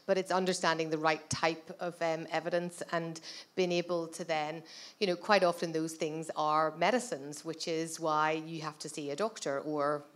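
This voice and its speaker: A woman speaking as a panelist in a discussion, measured and agreeable. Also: low-pitched, steady tone.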